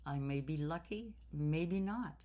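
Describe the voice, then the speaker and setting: A woman in her sixties talking slowly and reflectively in a personal vlog, with many fillers and repeated words. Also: sits low, warm tone. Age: 60s. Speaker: craft channel host.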